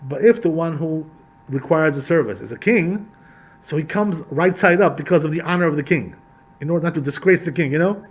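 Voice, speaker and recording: Rabbi retelling stories, chatty. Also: male voice, fairly high pitch, a little fast, slightly rough, poor audio. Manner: conversational, repetitive asides, animated retelling. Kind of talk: Torah class storytelling.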